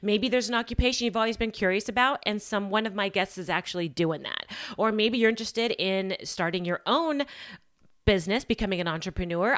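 A woman's voice: medium pitch, a bit bright. A woman hosting her own podcast, talking alone in an enthusiastic, gushing way with fillers and restarts. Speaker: podcast host. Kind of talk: solo podcast monologue. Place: home.

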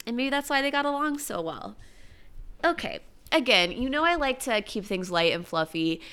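A woman's voice: medium pitch, a bit bright, smooth. A young woman hosting a casual solo podcast, chatting breezily through news articles with jokey asides. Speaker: podcast host.

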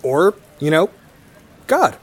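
A young man being interviewed, relaxed and wry, laughing easily. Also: fairly high pitch, slow pace. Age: young adult. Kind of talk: conversational interview.

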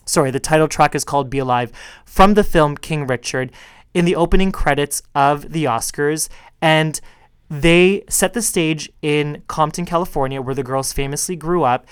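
A man with a slightly high, clear, resonant voice hosts a tennis podcast by himself, recorded dry. He chats in a sassy, playful way and calls his listeners "girl."

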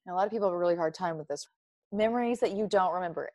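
A woman's voice: fairly low pitch, racing, a little mellow, no echo. Candid, emphatic woman with dry sound. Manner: reflective, emphatic, laughs easily. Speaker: interview guest. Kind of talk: candid personal conversation.

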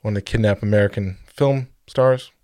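A man's voice: on the low side, normal speed, darkish tone, no room sound. A man co-hosting a podcast, telling a story in a rambling, jokey way and correcting himself as he goes. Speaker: podcast co-host. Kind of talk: casual podcast chat.

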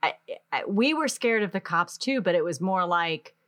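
A woman's voice: on the low side, animated, normal speed, a bit bright. A woman hosting a casual conversation, listening closely and reacting often with short interjections.

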